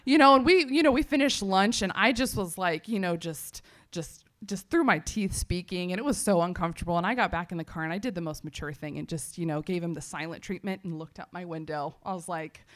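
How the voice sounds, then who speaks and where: Animated woman telling a testimony. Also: on the low side, quick pace, few pauses. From Texas. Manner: animated storytelling with many fillers and quoted self-talk. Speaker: speaker at a church talk. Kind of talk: personal testimony talk.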